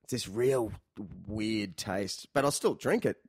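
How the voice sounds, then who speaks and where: A man hosting a podcast, telling stories in an animated, casual way. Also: on the low side, unhurried, breathy edge, dry recording, clean studio sound. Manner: animated storyteller. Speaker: podcast host. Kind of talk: casual chat.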